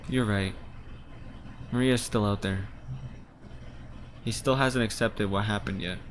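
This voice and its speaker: Lower-voiced guy narrating a story game, casual, swears a lot. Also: steady tone, unhurried, long pauses, fairly bright tone, a little hiss or hum. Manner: casual, swears, stammering restarts. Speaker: gamer playing a story game. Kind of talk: reading game text aloud with casual commentary.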